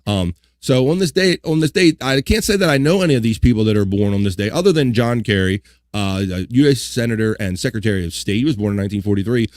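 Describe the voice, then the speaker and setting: A man's voice: on the low side, fast, no room sound, studio quality. A man hosting a live online talk show, chatting casually and reading out history items with joking asides. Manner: relaxed, joking asides, reads items aloud. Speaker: livestream host.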